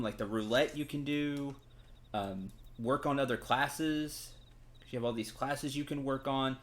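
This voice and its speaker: A man's voice: medium pitch, a bit bright. A man streaming a game, chatting casually with his viewers and laughing often. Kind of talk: casual gameplay stream chat.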